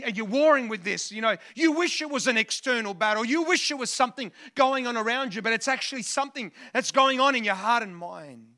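A man's voice: extremely high pitch, bright, forceful tone. A man preaching a sermon in a church, often restarting phrases and calling on the congregation to respond. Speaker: pastor.

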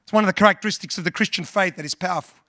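Brief: male pastor delivering a sermon, earnest, repeats himself, bright and forward tone. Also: sits high, rapid-fire, no room sound, studio quality. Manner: earnest, repeats words, quotes scripture and hymns.

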